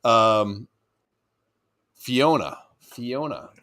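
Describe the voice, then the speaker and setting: Rambling joking man, lively pitch. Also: drawn-out words. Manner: rambling, laughs often, slips into goofy put-on voices. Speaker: podcast co-host. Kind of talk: crude casual banter.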